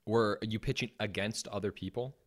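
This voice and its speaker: A man with a Wisconsin accent hosts a casual podcast interview. He asks questions and slips in jokes. His voice sits a little low. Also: fairly even intonation, normal speed. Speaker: podcast host.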